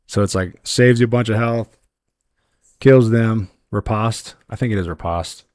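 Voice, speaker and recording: Low-voiced male gamer streaming, dry close sound. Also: moderate pace, no echo. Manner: relaxed, talks to chat while playing; yells with excitement at lucky loot drops. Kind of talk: casual gameplay livestream chat.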